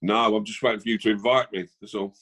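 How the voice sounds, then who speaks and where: A man's voice: lowish voice, fairly even intonation, fast, fairly bright tone. A man hosting a casual chat over a video call, joking and teasing his guest. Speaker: host.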